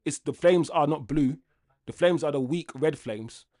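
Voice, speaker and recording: A man's voice: a little high, unhurried. A young man hosts a fan livestream and rants angrily to his chat in a casual way. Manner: angry, ranting, lively with laughs.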